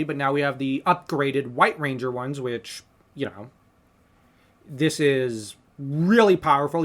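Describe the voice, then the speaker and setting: A man's voice: on the high side, fairly bright tone. Earnest man breaking down a film scene. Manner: earnest, theorizing, talks through ideas at length. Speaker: podcast co-host. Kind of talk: casual fan analysis of a film scene.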